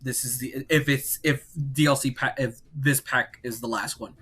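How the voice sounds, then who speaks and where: A young man chatting casually as a podcast co-host, excitedly acting out scenes with loud voices and swearing. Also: medium pitch, normal speed, breathy edge. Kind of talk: casual chat.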